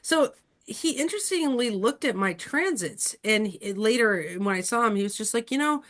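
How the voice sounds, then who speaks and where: A woman astrologer hosting a casual podcast chat, talking in an animated, chatty way with many fillers. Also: mid-range voice, normal speed. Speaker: astrologer and host.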